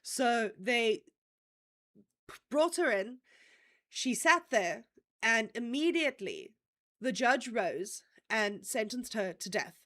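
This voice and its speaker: A woman's voice: sits high, pushed and bright. A woman hosting a livestream, telling a true-crime story in a casual, chatty way, often checking in with "okay?" and swearing offhandedly. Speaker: stream host.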